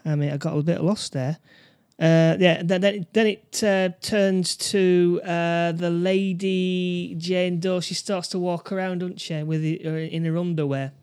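A man's voice: fairly high pitch, steady tone, moderate pace, a little mellow, clear, resonant tone. A man in casual chat about a film, prompting with tag questions. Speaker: film review co-host.

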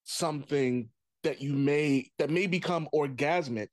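A man with a fairly high voice tells rambling stories in casual chat, often restarting. The sound is dry and close. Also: a little slow, no room sound. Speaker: comedian guest.

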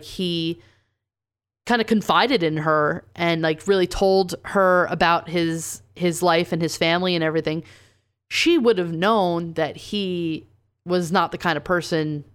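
A woman's voice: on the low side, smooth. A woman, co-hosting a podcast and casually telling a true crime story, reading quotes aloud and saying "like" often. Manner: casual, says "like" a lot, reads quotes aloud.

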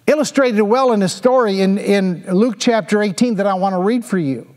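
High-voiced preacher in a reverberant hall. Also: male voice, moderate pace, darkish tone. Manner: emphatic, repetitive rhetorical questions. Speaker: pastor. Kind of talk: sermon.

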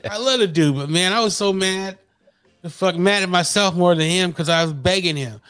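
A man's voice: high voice, moderate pace, smooth. A man co-hosting a morning talk show, telling stories in loose, profane casual chat. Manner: profane, animated storyteller.

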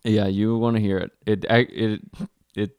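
A man co-hosting a podcast, telling an animated story in casual chat and laughing often. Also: lowish voice, normal speed, smooth, dry recording, clean studio sound. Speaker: podcast co-host.

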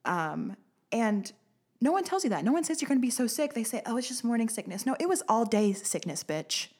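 A sarcastic young American woman hosts a solo podcast rant on a studio mic. Her voice is a little high, sing-song, darkish, and slightly rough at a moderate pace, and she swears freely and laughs often.

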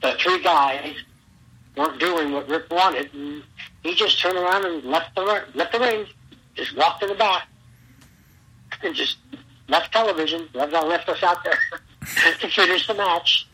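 Animated husky bright-voiced man telling stories. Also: on the high side, unhurried, pauses often, low-quality recording. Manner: animated storyteller, acts out quotes loudly. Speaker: guest, former pro wrestler. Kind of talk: storytelling interview.

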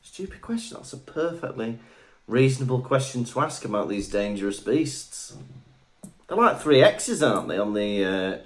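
A man's voice: mid-range voice, big pitch swings, moderate pace. A man co-hosting a podcast, chatting in a jokey, casual way. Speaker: podcast co-host. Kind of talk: casual chat.

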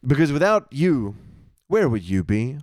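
A man's voice: mid-range voice, sing-song, a little slow, darkish tone, dry recording, clean studio sound. A man co-hosting a comedy podcast with playful, laughing asides. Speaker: podcast co-host. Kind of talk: casual comedy podcast chat.

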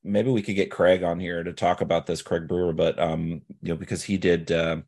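A man's voice: low-pitched, flat delivery, a little fast, a little mellow. A man co-hosting a podcast, talking about movies in a loose, rambling way full of fillers and restarts. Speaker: podcast co-host. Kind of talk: casual film discussion.

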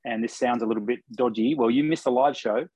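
A man co-hosting a casual live photography chat over a video call, relaxed and chatty with frequent ums. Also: medium pitch, fast talker, breathy edge, no room sound, poor audio. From Australia. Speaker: podcast co-host.

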